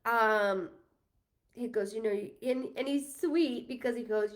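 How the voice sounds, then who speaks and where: A woman's voice: on the high side, normal speed. A woman working as a psychic medium on a live stream, talking in a rambling, casual way that keeps breaking off and restarting, with frequent laughter. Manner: rambling, self-interrupting, laughs often.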